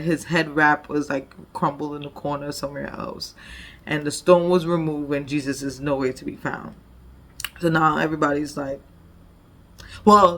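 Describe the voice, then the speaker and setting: A woman's voice: sits low, fairly bright tone. A woman leading a devotion, retelling a Bible story conversationally with frequent "like" and "you know". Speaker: devotion leader.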